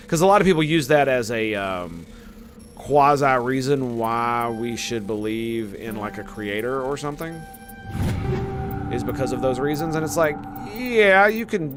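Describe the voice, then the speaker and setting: A man's voice: medium pitch, a bit bright. A man in his thirties chatting casually and joking with viewers while playing a video game. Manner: rambling, jokey, talks to viewers. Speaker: gaming streamer. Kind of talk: casual let's-play commentary.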